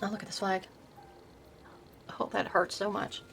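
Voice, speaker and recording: An older woman hosting her own video, softly showing tarot decks and reading card names aloud, often trailing off and restarting words. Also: medium pitch, little pitch movement, normal speed, gravelly, faint music behind, rough recording. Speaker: host showing her tarot deck collection. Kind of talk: soft-spoken casual deck walkthrough.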